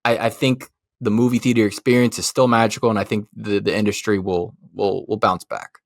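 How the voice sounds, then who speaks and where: A man's voice: on the low side, flat delivery, brisk, vocal fry, dry recording, clean studio sound. A man co-hosting a movie podcast, talking loosely and profanely, laughing as he rants. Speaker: podcast co-host. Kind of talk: casual chat.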